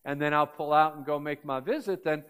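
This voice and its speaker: A man's voice: on the high side, fairly quick, fairly bright tone, clean tone. An older man preaching a sermon as pastor in a church, telling stories and building up to emphatic points.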